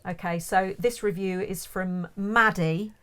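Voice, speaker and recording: A woman's voice: mid-range voice, fairly even intonation, unhurried, a bit bright, smooth. Chatty woman podcast co-host. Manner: chatty, laughs while reading out reviews. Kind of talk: casual chat.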